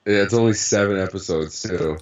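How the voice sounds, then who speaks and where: A very low-voiced young man co-hosting a casual podcast. He laughs often, hedges his points and keeps things easygoing. His sound is a bit dull and lo-fi. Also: a little fast. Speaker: podcast co-host. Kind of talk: casual chat.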